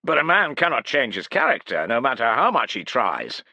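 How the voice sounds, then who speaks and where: A man's voice: medium pitch, huge pitch swings, normal speed, bright, forceful tone, no echo, pitched above the performer's own voice, full character voice. A man voicing a mocking male tribal chieftain with a nasal, scoffing delivery in an audiobook. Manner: scoffing, sneering. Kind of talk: audiobook character voice.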